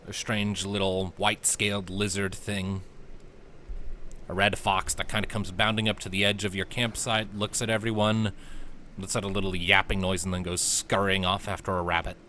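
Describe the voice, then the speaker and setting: A man narrating a tabletop game as game master, in a relaxed, descriptive way. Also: deep voice, moderate pace, slight background noise. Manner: relaxed, descriptive, laughs easily.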